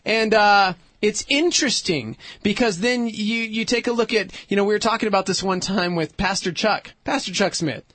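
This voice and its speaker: A man's voice: sits high, moderate pace, hardly any pauses, no echo. A man in his thirties telling stories in a casual faith podcast chat, acting out the voices he quotes. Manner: animated storyteller who acts out quoted voices. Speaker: co-host.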